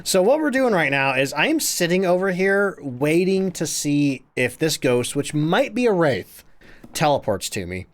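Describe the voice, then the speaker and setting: A man streaming a game live, chatty and excitable as he thanks viewers and explains his play. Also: a little high, measured pace, soft background music. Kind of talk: live gameplay commentary.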